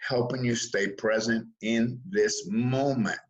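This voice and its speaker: A man's voice: medium pitch, slow pace, dull audio. A man speaking as an interview guest on mindfulness, telling stories with chuckles and often restarting his sentences. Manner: lively storytelling with chuckles; restarts and repeats words often. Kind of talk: casual interview talk.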